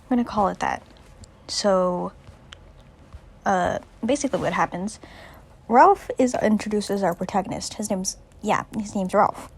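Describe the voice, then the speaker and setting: A woman's voice: mid-range voice, moderate pace, pauses often, slight background noise. A teenage girl casually summarizing a book, rambling and jokey, with many "like"s. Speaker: student doing a book summary. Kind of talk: casual chat.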